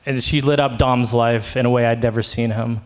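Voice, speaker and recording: Man giving a casual, halting memorial speech. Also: mid-range voice, fairly even intonation. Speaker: friend giving a remembrance. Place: memorial gathering.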